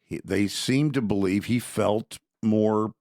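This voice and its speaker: A deep, low-pitched man chatting casually on a podcast. He is opinionated and conversational, and he often stops to restart a phrase. The sound is dry and close. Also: slow, darkish tone, no echo. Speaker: podcast co-host. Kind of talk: casual political talk.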